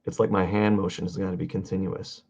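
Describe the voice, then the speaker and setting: A man casually talking through a drawing livestream, rambling and halting as he searches for words. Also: low voice, flat delivery, creaky, a little mellow, highs cut off. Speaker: artist streaming a drawing session.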